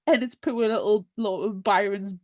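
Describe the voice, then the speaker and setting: A woman's voice: medium pitch, moderate pace. A woman co-hosting a podcast in casual book talk, retelling scenes with animation and laughing along. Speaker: podcast co-host.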